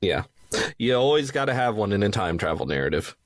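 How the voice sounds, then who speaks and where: Wry, low-voiced male podcast host. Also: big pitch swings, a little fast, no room sound. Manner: dry, wry, low-key. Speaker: podcast co-host, recapping the story. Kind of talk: casual recap chat.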